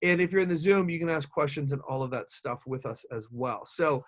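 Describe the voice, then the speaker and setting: Man, speaking coach, live webinar, upbeat and energetic, slightly high voice, video call mic. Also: a little fast. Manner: energetic, upbeat, addressing viewers directly.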